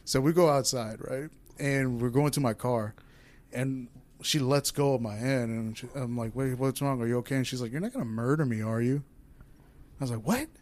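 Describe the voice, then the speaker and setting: A young man in casual podcast chat, telling a rambling, candid story and acting out the lines of each person in it. His voice sits at an ordinary middle pitch. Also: dark tone.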